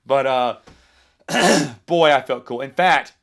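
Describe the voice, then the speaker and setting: A man in his forties hosting a podcast, telling rambling nostalgic stories in a casual monologue with lively asides. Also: medium pitch, takes it slowly, gravelly. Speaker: podcast host.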